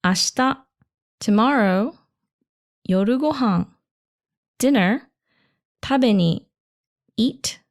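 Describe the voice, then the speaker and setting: A woman's voice: a little high, slow, long pauses. Lady teaching phrases, patient, breaks it all down step by step. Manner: patient, explains step by step, laughs lightly. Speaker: Japanese teacher. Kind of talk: language lesson podcast.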